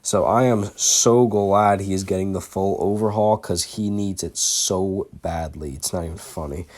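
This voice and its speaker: Low-voiced young guy ranking game characters, gets loud and ranty then mutters. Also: measured pace. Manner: excitable ranting, swings from low mutters to loud outbursts. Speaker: gaming YouTuber. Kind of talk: casual game commentary ranking list.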